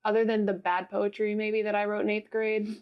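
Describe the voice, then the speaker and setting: A young woman co-hosting a podcast in casual chat, animated and laughing through her stories. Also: mid-range voice, fairly quick, muffled recording. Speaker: podcast co-host.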